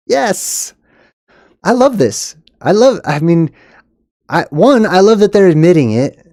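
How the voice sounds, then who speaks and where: A man hosting a casual monologue, rambling and animated, laughing between his own asides. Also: high-pitched, a little slow, no echo, clean studio sound. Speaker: host.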